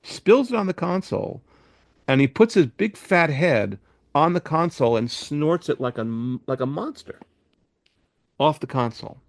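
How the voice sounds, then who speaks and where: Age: 70s. Role: interview guest, record producer. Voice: gravelly, mid pitch. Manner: animated storytelling with restarts. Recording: dry, close. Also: male voice, no echo. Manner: animated, with frequent restarts and repeated words.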